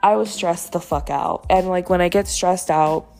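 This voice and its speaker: A woman's voice: on the low side, steady tone, moderate pace, creaky, darkish tone. A young woman hosting a podcast, telling a candid personal story in a rambling way with many fillers. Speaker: podcast host.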